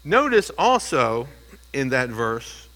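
A man's voice: mid-range voice, very animated, slow, pushed and bright, rough recording. A man preaching an expository sermon, emphatic and teaching, often asking the congregation questions. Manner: emphatic, stresses single words. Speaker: pastor.

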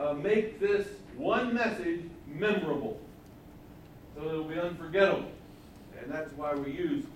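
A male pastor teaching a sermon in a conversational way, asking the congregation questions and stressing repeated words loudly. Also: on the high side, distant mic, slight background noise. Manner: conversational Bible teaching, rising to emphatic repetition. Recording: echoey room, voice from off-mic.

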